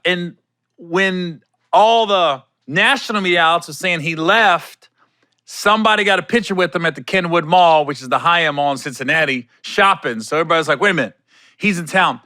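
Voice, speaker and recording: A man's voice: high-pitched, moderate pace, dry recording. A man hosting a solo podcast, telling loose stories, laughing often and swearing casually. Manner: animated, laughs often, swears casually, slips into voices for quoted people. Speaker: podcast host.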